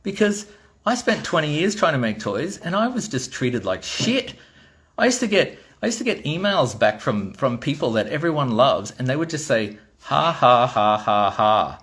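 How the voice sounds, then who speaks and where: A man's voice: fairly high pitch, very animated, normal speed, a bit bright. A middle-aged Australian man, a toy designer, giving a blunt, exasperated ranting monologue and swearing freely.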